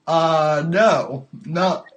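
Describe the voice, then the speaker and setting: A man's voice: a little high, a bit bright, a little hiss or hum. A man hosting a live call-in podcast, chatting casually and amused, often stalling and repeating words as he goes. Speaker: podcast host taking calls. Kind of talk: casual live-stream chat.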